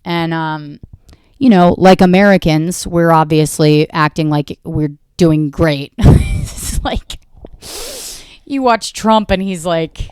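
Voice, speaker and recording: Wry, profane woman with a smooth, dry voice. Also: lowish voice, slow, pauses often, darkish tone, dry recording. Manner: profane, self-deprecating, wry. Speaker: comedian podcast host. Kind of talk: rambling comedic monologue.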